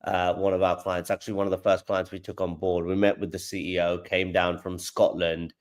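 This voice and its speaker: A man's voice: deep voice, level tone, brisk. A man from London, a guest on a podcast interview, explaining things at length with examples and often repeating words as he goes. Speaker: guest, AI company founder.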